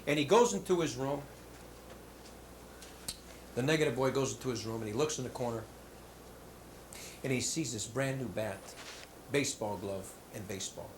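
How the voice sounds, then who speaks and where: A man giving a motivational talk to schoolchildren, telling jokes in an animated, hammy storytelling manner in a school hall. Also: mid-range voice, moderate pace, pauses often. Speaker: motivational speaker. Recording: roomy hall with faint background noise.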